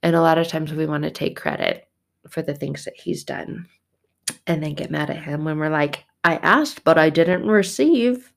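A young woman giving a heartfelt devotional talk. She is animated and jumps into little acted-out voices as she tells her story. Her voice sits somewhat low for a woman. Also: normal speed, vocal fry. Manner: animated, acts out God's and her own voices.

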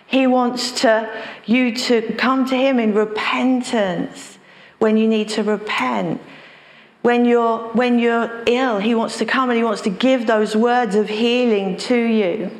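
A woman's voice: on the high side, steady tone, takes it slowly, echoey room. A woman pastor preaching a sermon, speaking emphatically and repeating phrases for stress.

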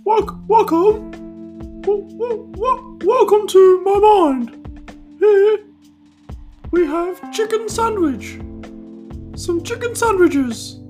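A squeaky falsetto posh waiter. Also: male voice, lively intonation, takes it slowly, pauses often, darkish tone, soft background music, heavily acted. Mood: pestering. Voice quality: very high falsetto. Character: squeaky posh front-of-house guy, pestering.

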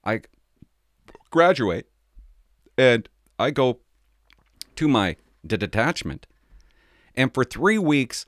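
A middle-aged man, a former police officer, telling a story from his work in a casual, animated way. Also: mid-range voice, takes it slowly, long pauses, dry recording, studio quality. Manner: animated, acts out the people he quotes.

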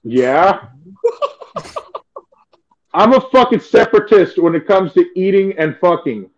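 Rambling, profane man with a high voice. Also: sing-song, takes it slowly. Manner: rambling and profane, full of "like" fillers. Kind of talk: crude comedic casual chat. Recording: dull lo-fi recording.

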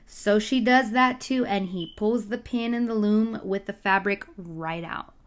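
A woman's voice: medium pitch, unhurried. A woman casually retelling a Bible story, chatty and full of side comments and asides.

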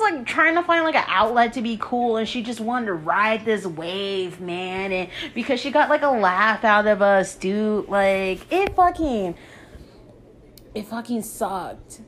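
A woman's voice: mid-range voice, a little hiss or hum. A young woman telling a story in a casual, slangy way, full of fillers, acting out her friends' lines.

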